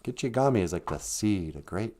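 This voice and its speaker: A man's voice: lowish voice, brisk. A man hosting a comic live-stream language lesson, joking and laughing easily as he explains words. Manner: joking, laughs often, relaxed teaching.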